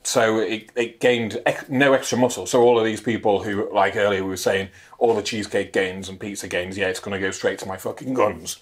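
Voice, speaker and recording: A man in his thirties co-hosting a laid-back fitness chat. He rambles, swears freely and pokes fun at himself. His voice sits a touch low. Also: fairly even intonation, a little fast, hardly any pauses. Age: 30s. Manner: rambling, sweary, self-mocking. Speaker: podcast co-host. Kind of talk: casual banter.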